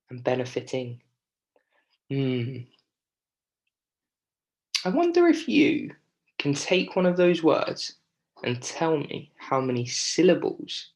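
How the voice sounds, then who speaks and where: A man's voice: medium pitch, vocal fry. A male primary school teacher giving a recorded spelling lesson, patient and encouraging, stretching out syllables and checking in with the children. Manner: slow, patient, stretching out syllables to demonstrate stress.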